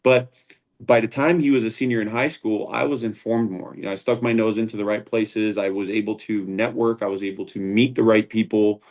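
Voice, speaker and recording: Low-voiced man telling stories. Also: fairly even intonation, a little fast, darkish tone. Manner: earnest, rambling with frequent restarts. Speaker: founder and combat sports instructor, guest. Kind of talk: casual interview storytelling.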